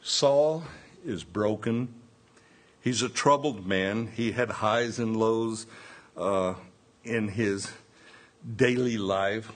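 A man's voice: lowish voice, very slow, long pauses. A man preaching a sermon, reading scripture aloud and explaining the verses in plain asides.

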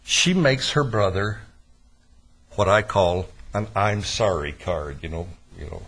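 Slow, husky preacher man, lively pitch. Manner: lively, storytelling, slow and deliberate. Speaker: pastor. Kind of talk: sermon. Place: church.

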